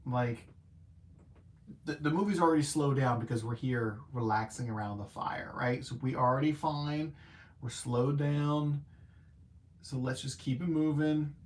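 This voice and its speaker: A man with a mid-range voice reviews a movie on a casual live stream at normal speed. He's chatty and animated, dropping lots of filler words and playful jabs at himself.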